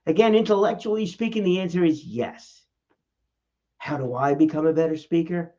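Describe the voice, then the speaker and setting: A man's voice: normal speed, highs cut off. A man hosting his own talking-head vlog about public speaking, talking casually to the camera and asking lots of rhetorical questions. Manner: animated, rhetorical questions, shifts pitch for emphasis. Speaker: vlog host and speaking coach. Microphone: camera mic.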